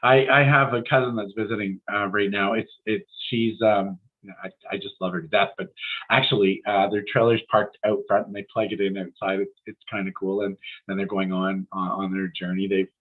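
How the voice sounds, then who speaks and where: A man's voice: fairly low pitch, little pitch movement, fairly quick. Man preaching over a tinny line. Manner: conversational, anecdotal, encouraging. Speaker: spiritual centre speaker. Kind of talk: casual mid-week sermon.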